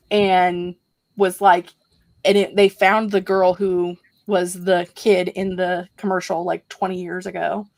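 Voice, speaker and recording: A young adult woman hosts a livestream, chatting casually in a group video call and rambling animatedly with plenty of fillers. Her voice sits on the low side with vocal fry, and the recording is dry.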